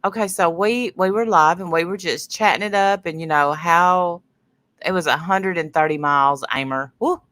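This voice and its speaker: A woman's voice: lowish voice, moderate pace, a bit bright. A middle-aged woman hosting a casual livestream, sniffly from her sinuses, rambling as she greets viewers by name between stories. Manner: rambling, chatty, greets viewers mid-sentence. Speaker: livestream host.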